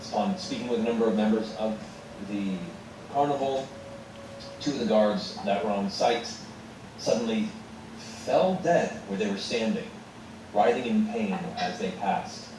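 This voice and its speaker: A man narrating a tabletop game recap as game master, in a loose, halting way with many fillers. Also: fairly low pitch. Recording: very echoey room from a distance, with background noise.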